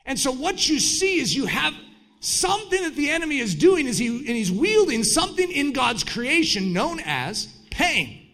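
A man preaching a sermon in an animated way, breaking into shouted mock voices. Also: very high voice, moderate pace.

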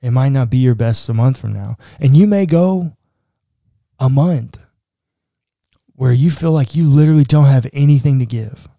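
A man's voice: mid-range voice, normal speed, vocal fry, long pauses, warm tone, no echo. A man, a pastor, talking earnestly in a podcast discussion, with a casual, conversational manner. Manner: earnest, conversational, says "like" often.

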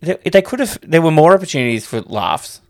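A man's voice: fairly high pitch, sing-song, brisk. A man co-hosting a podcast in casual chat, rambling and hesitant, swearing freely. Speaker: podcast co-host.

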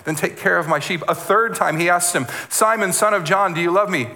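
A man preaching as a guest speaker, animated, repeating words and acting out the voices he quotes. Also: sits high, brisk. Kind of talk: sermon.

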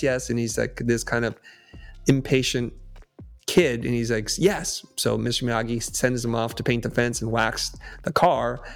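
Gravelly-voiced male podcast guest. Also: mid-range voice. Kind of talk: storytelling in conversation.

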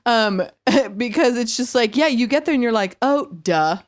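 A woman's voice: fairly high pitch, lively intonation, moderate pace. A middle-aged woman co-hosting a podcast, talking frankly and chattily, often quoting her own thoughts. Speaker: podcast co-host. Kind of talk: casual podcast chat.

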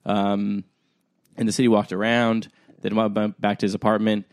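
A young man with a lowish voice tells a story in casual podcast chat, loose and rambling, full of "like" and "um" as he pokes fun at himself. The sound is dry and close, with no room echo. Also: flat delivery, moderate pace. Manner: rambling, full of "like" and "um", self-deprecating. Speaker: podcast co-host.

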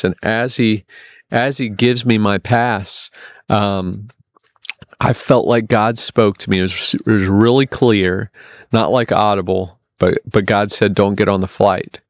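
A man telling a long personal story in casual podcast talk, full of restarts and fillers, getting animated when he quotes people. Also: fairly low pitch, no room sound, clean studio sound. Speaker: podcast guest.

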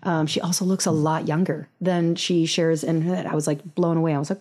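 Low-voiced woman giving a gentle pep talk. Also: fairly even intonation, quick pace, few pauses. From Southern California. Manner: gentle, reassuring, chatty with fillers. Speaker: podcast host. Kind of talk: podcast intro and encouraging pep talk.

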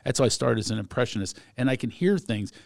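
This is an older man hosting a comedy podcast, with a chatty, joking delivery and frequent laughter. His voice sits at a middle pitch. The recording is dry and close. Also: animated, quick pace, gravelly, darkish tone, no echo. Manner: chatty, jokey, laughs often. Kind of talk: casual chat.

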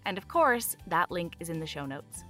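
A woman's voice: on the low side, lively intonation, moderate pace, bright, forceful tone, soft background music. A woman podcast host reading an upbeat promotional outro.

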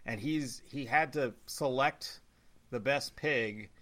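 A man's voice: medium pitch, slow pace, fairly bright tone. A man recapping a TV show in casual podcast chat, retelling scenes with lots of "like" fillers and frequent laughter.

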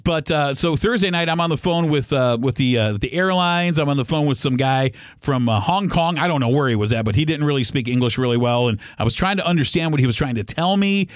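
A middle-aged man hosting a podcast, telling a travel story in a casual, animated, rambling way with many restarts. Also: fairly high pitch, fairly quick, few pauses, dry recording, clean studio sound. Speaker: podcast host.

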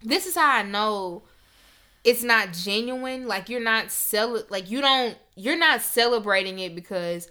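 Young woman podcast host, bright tone, slightly high pitch, emphatic and profane. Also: lively intonation, a little slow. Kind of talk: casual podcast rant.

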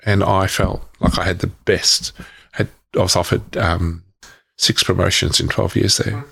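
A middle-aged man, a podcast guest, telling his life story frankly, with halting restarts and the odd swear word. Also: low voice, little pitch movement, creaky, a bit bright, breathy edge. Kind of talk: candid personal storytelling.

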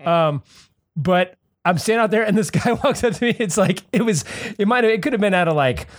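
A man hosting a casual podcast, telling animated stories with plenty of swearing and laughter. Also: high voice, fairly quick, dry recording, clean studio sound. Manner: animated storyteller, swears freely, laughs often. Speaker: podcast host. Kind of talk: casual chat and storytelling.

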